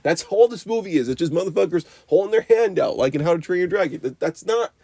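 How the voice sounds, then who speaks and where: A man's voice: high voice, animated, fast, warm tone, no room sound. A young man giving an unscripted, profane movie review rant, rambling with constant "you know" and "like".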